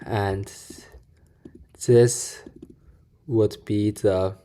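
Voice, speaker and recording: A man's voice: on the low side, steady tone, extremely slow, dark tone. A man reacting to videos, commenting and explaining calculations step by step.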